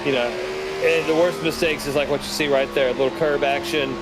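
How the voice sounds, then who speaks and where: Male race play-by-play caller, higher voice, jokey banter, clear noise behind. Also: steady tone, brisk. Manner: joking, reads chat aloud, calls passes. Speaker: sim racing play-by-play commentator. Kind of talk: live race commentary with banter. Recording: stream audio with background noise.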